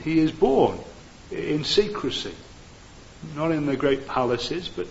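A man preaching a sermon, earnest and gentle, with many "uh" fillers. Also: on the high side, animated, takes it slowly, creaky, highs cut off, slight background noise.

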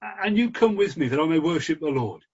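A man's voice: a little high, expressive, darkish tone, slightly rough, voice pushed up. A preacher acting out a pleading guilty king. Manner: pleading, halting. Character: pleading guilty king, grown man, shallow. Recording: dull lo-fi recording.

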